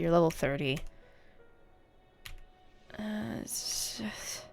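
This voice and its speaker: A woman's voice: medium pitch, vocal fry. A woman hosting a casual let's-play, rambling and swearing in frustration as she plays. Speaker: gaming channel host.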